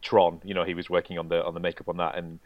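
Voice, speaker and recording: A man co-hosting a podcast, chatting in a halting, easygoing way. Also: sits low, monotone, dry recording, dull audio. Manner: chatty, halting, laughs easily. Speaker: podcast co-host. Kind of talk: casual chat.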